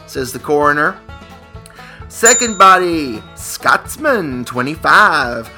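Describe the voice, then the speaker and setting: A man's voice: fairly high pitch, bright, forceful tone. A man co-hosting a radio comedy show, telling jokes in a rambling, playful, teasing way. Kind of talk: joke-telling radio banter.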